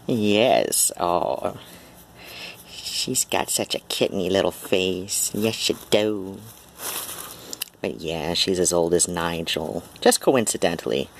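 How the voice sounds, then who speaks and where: A man at home filming his cats, talking to them in a soft sing-song baby talk. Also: low voice, slow, vocal fry, a little hiss or hum. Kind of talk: casual cooing talk to pets. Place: home indoors. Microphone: handheld camera.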